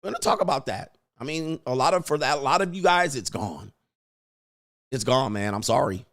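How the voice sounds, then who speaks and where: A man's voice: mid-range voice, expressive, a little fast, fairly bright tone, dry recording, studio quality. A man hosting a live stream as a dating coach, rambling crudely, reading viewer questions and putting on mock voices.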